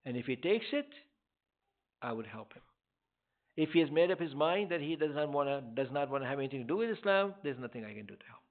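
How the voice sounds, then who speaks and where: A man's voice: fairly high pitch, lively intonation, quick pace. An older man, a therapist, answering questions from a community audience in a direct, emphatic way. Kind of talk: community Q&A talk. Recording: tinny phone-like sound.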